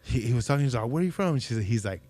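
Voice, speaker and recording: A man's voice: mid-range voice, expressive, rapid-fire, warm tone, dry recording. A man hosting a podcast, telling loose, profane stories in casual chat and acting out quotes from other people. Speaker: podcast host.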